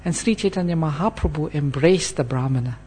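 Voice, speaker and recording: Male preacher with a high voice, earnest and unhurried, explaining scripture to a class. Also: darkish tone, slightly rough. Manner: earnest, checks in with listeners by asking "hmm?". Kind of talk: sermon.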